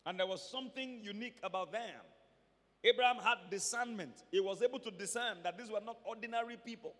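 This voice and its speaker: A man preaching a sermon to a church, moving between quiet asides and emphatic, shouted lines. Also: high voice, fairly quick, long reverb tail.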